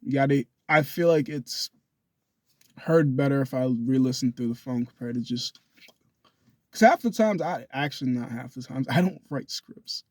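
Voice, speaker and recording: A man's voice: a little high, moderate pace, darkish tone, dry recording. A young man rambling through a loose, profane self-recorded monologue into a phone. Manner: loose and profane, drifts between thoughts.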